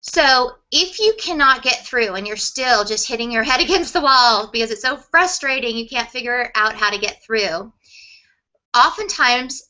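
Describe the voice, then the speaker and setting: A middle-aged woman sales coach teaching a webinar, chatty and quick, with restarts and laughs. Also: fairly high pitch, bright, forceful tone, poor audio.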